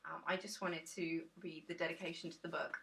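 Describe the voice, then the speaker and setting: Bright-voiced woman chatting casually. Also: lowish voice, level tone, fairly quick, a little hiss or hum. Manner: chatty, rambling, self-deprecating, many ums. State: tired. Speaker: tarot vlogger. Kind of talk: casual deck reveal chat.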